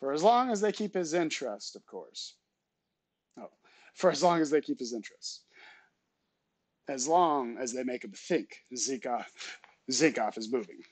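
A male teacher reading a novel aloud to his students, with relaxed, chatty asides between passages. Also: mid-range voice, unhurried, long pauses, dry recording.

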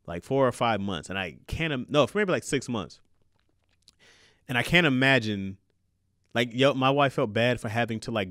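A man's voice: medium pitch, fairly bright tone, dry recording, studio quality. A man, a new father and comedian, talking casually and animatedly, swearing and laughing often. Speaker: new father giving advice. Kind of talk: casual monologue.

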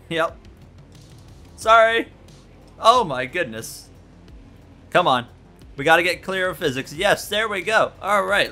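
A man giving excitable, jokey let's-play commentary on a racing game, yelping and repeating himself when things go wrong. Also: a little high. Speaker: gaming YouTuber.

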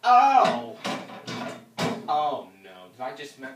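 A woman vlogging at home on a handheld camera, rambling casually, swearing often, jumping between loud yelling outbursts and low muttering. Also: animated, measured pace, muffled recording, music in the background. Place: at home, walking through rooms.

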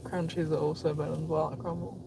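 A woman's voice: sits low, little pitch movement, fast, gravelly. A woman co-hosting a live stream outdoors, giving dry, teasing retorts in casual banter. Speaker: co-host on stream. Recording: outdoor street noise with traffic.

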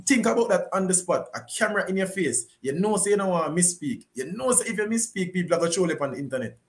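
A man's voice: sits high, animated, quick pace. A Jamaican man on a discussion panel, speaking with passion and repeating his points.

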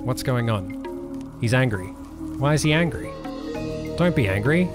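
A man hosting a gaming channel, giving excitable let's play commentary and laughing often. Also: medium pitch, a little slow, loud music behind the voice. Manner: excitable, laughs often, yells when things go wrong.

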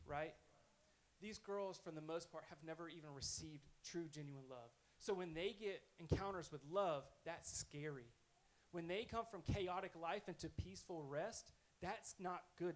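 A man's voice: on the high side, normal speed, poor audio. A man preaching a sermon in a conversational, earnest storytelling way. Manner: conversational, earnest, self-correcting.

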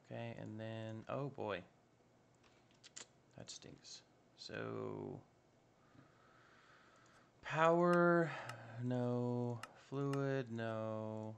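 A man's voice: mid-range voice, drawn-out words, gravelly, long pauses, a little hiss or hum. A man giving casual, upbeat commentary while playing a modded block-building game, chatting to himself as he builds. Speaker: Minecraft modpack let's-play host.

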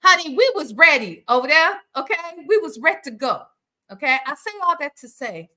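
Her voice high and her delivery a little fast, a woman hosts a casual reaction stream, talking to viewers in an animated, outspoken manner and swearing often.

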